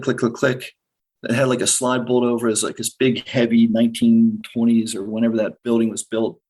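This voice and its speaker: A middle-aged man tells in the present tense how he survived a shooting, sometimes rushing ahead and sometimes slowing down heavily. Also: lowish voice, darkish tone, slightly rough, low-quality recording. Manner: vivid present-tense retelling, sometimes rushed, sometimes slow and heavy. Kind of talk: first-person podcast storytelling.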